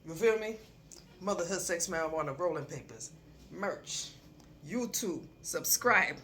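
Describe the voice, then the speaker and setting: Bright hyped podcast promo voice. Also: medium pitch, lively intonation, measured pace, slight background noise. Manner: hyped, repetitive plugging. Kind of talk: promotional shout-out.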